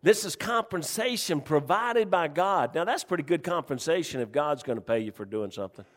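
A man's voice: a little high, lively intonation, fairly quick, in a large hall. A man preaching a sermon, telling folksy stories and joking with his congregation. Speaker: pastor.

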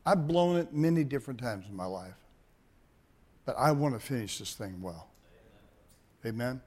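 Middle-aged man preaching a lively sermon. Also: mid-range voice, normal speed. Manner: animated storytelling, calls on the congregation. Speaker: pastor.

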